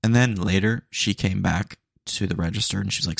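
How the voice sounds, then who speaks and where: In a clean studio recording with no echo, a young podcast host spins casual retail tales, chatty and slangy with plenty of fillers. He has a deep, gravelly voice with a breathy edge and keeps a moderate pace.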